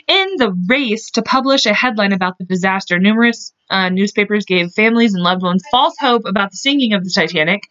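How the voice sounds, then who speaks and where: A woman's voice: mid-range voice, brisk, hardly any pauses, a bit bright, no room sound. Chatty woman reading history notes. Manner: chatty, reads notes with asides and laughs. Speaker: podcast co-host. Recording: dull lo-fi podcast audio.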